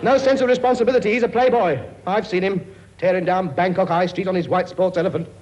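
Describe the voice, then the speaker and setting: A man's voice: high-pitched, fast, close to an everyday voice. An actor playing a cheeky, bossy king who lectures his many children in a comedy sketch. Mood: scornful. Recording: noisy recording.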